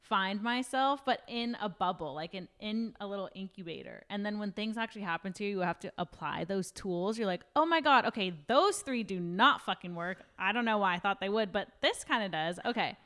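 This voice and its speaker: A woman's voice: mid-range voice, a little fast, few pauses, fairly bright tone, clean tone. A young woman co-hosting a casual podcast, rambling with lots of fillers and casual swearing. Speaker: podcast co-host.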